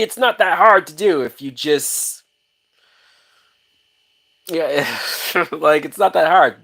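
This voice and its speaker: An excitable man talks through a film as it plays, swearing freely and breaking into laughter. He jumps between thoughts and restarts his sentences, in loose, chatty commentary. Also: a little high, takes it slowly, creaky, pauses often. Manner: animated, profane, laughs often, many restarts. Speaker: movie reaction host. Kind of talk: casual live-watch movie commentary.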